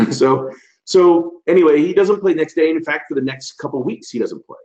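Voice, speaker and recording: The muffled recording captures a man in his forties whose voice sits on the high side with a darkish tone, moving at a moderate pace. He presents a webinar as a casual storytelling lecture, chatty and loose, with many fillers and restarts.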